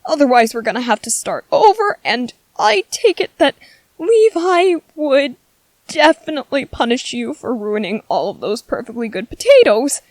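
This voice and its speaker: A woman's voice: sits high, big pitch swings, normal speed, no echo. Armin, a woman voicing a nervous bookish boy. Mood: exasperated. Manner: nervous, stammering, overthinking. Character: shy, bookish young male soldier. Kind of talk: ASMR audio drama.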